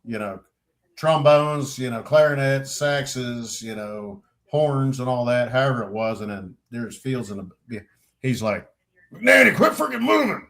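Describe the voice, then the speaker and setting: A middle-aged man telling casual stories on a veterans' chat show, acting out quotes loudly and swearing freely. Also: medium pitch, measured pace. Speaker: podcast co-host, veteran.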